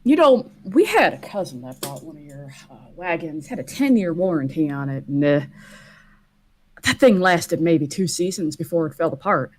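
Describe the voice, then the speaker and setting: A woman's voice: deep voice, lively intonation, normal speed. A woman doing a courteous, drawling man. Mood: wary, polite.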